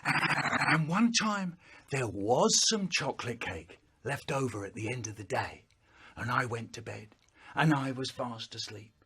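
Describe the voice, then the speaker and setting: A man in his sixties telling stories in a chopped-up comedic remix, with an animated, exaggerated delivery. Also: medium pitch, measured pace, slight background noise. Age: 60s. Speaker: storyteller. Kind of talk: spliced comedic storytelling remix.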